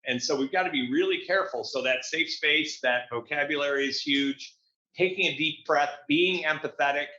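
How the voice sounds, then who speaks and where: Appearing as a guest coach in a laid-back interview, this upbeat man has a bright, forceful voice pitched slightly high and keeps a moderate pace. His delivery is motivational, with frequent restarted phrases, and the dull lo-fi audio carries a roomy echo.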